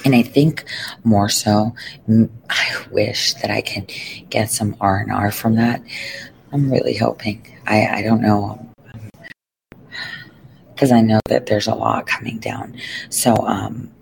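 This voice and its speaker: A man's voice: lowish voice, fairly even intonation, slow, gravelly, long pauses, a little hiss or hum, low-quality recording. A man giving a rambling, profane vlog update from an airport lounge, talking into a phone strapped to his arm.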